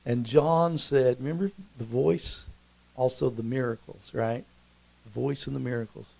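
A middle-aged man preaching a storytelling sermon, conversational and animated, and acting out scenes along the way. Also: mid-range voice, normal speed, gravelly, no room sound, rough recording.

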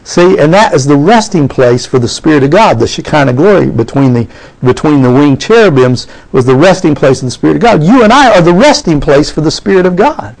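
Man preaching, fairly high voice, lively delivery, reads scripture, calls for amens. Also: a little fast, creaky, rough recording. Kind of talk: sermon.

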